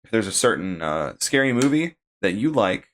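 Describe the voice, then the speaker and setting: A man's voice: fairly low pitch, big pitch swings, moderate pace, a little hiss or hum. A man hosting a podcast in casual chat, easygoing and chuckling between remarks. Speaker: podcast host.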